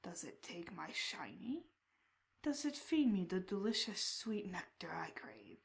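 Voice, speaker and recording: Woman whispering as a raspy bird-headed creature. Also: on the low side, big pitch swings, full character voice. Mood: creepy whisper. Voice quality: raspy, slow cadence. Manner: hushed, drawn-out, sinister musing. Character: creepy chained bird-headed man, slow and wheedling. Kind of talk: whispered role-play.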